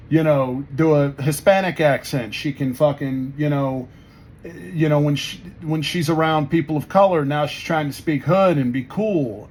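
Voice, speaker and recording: Male co-host, heated and blunt, casual rant, faint hiss. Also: medium pitch. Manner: blunt, heated, heavy swearing. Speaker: podcast co-host. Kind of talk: casual political chat.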